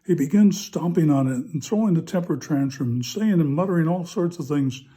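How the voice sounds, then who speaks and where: A parish priest gives a homily and tells a funny story in a relaxed, chatty way, often pausing with "uh." His voice is very dark and mellow. It also sits slightly high for a man. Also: husky.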